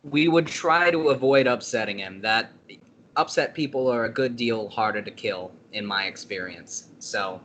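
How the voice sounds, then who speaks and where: Guy laying out a plan at a tabletop game, low but bright voice, faint room noise. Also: moderate pace. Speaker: player. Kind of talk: casual tabletop game chat.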